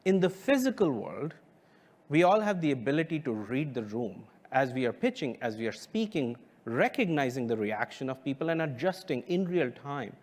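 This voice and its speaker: A man giving a keynote as a company founder. He speaks in a measured, emphatic way with deliberate pauses. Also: mid-range voice, big pitch swings. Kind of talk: keynote presentation.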